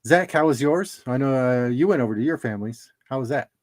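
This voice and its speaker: A man's voice: mid-range voice, expressive, fairly quick. Chatty man hosting a card livestream. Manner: chatty, laughs at his own jokes. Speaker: livestream host opening trading cards. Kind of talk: casual livestream chat.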